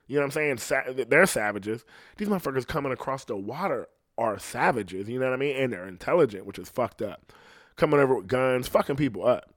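A man's voice: mid-range voice, animated, a bit bright, no room sound, clean studio sound. A man doing a stand-up comedy monologue, rambling and swearing constantly. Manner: profane, rambling, fast.

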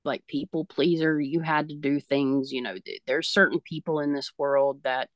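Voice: medium pitch, normal speed, dry recording. A podcast host in their thirties who speaks reassuringly and passes on messages from spirit as a medium. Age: 30s. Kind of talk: conversational podcast talk.

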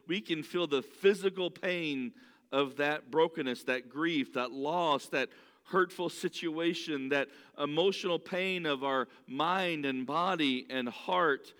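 A man's voice: fairly high pitch, fairly bright tone, clear, resonant tone. A man preaching an earnest, conversational sermon, telling stories and asking the listeners questions directly. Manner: earnest, storytelling, asks the crowd directly. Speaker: pastor. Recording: long reverb of a large hall.

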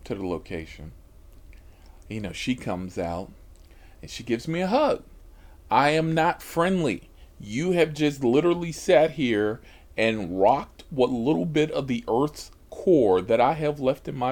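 A man's voice: mid-range voice, a little mellow. A man hosting a podcast, telling a story from his rideshare driving in an exasperated, heavily profane way. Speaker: podcast host and rideshare driver.

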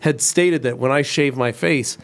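A man's voice: medium pitch, measured pace. A man in his forties, co-hosting a casual livestream chat and telling rambling stories. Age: 40s. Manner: storytelling, rambling. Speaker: co-host.

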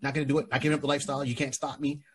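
A man's voice: mid-range voice, level tone, racing, husky, lightly acted. A man doing a cocky thuggish speedster.

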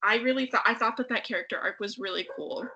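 A young woman talking casually about a book with friends, animated and quick to act out her own reactions. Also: fairly high pitch, slightly rough, muffled recording. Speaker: book club member.

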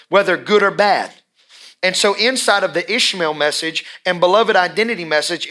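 A man's voice: high-pitched, bright, forceful tone. A male pastor preaching a sermon in a church, emphatic and repeating his phrases for effect.

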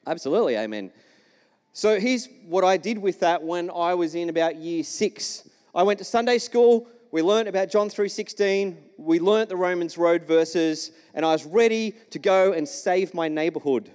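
A man's voice: high voice, moderate pace, a little mellow. A male pastor preaching a sermon in a church, telling a story and asking the congregation questions. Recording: long reverb of a church hall.

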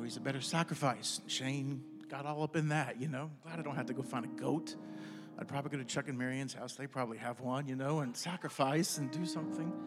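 Man in his fifties giving an informal sermon. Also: mid-range voice. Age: 50s. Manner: conversational, plays out inner dialogues in lively voices. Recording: music playing behind.

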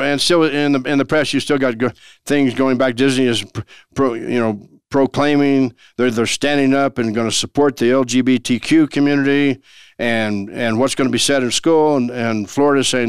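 A man's voice: mid-range voice, smooth, no echo, studio quality. A man hosting a show and explaining law in a chatty way, asking rhetorical questions and chuckling now and then. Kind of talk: casual legal commentary.

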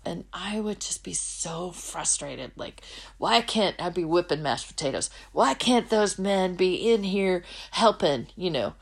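A middle-aged woman hosting a faith-based podcast, telling personal stories casually and acting out the people she quotes. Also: fairly low pitch. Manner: storytelling, acts out quoted voices. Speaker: podcast host.

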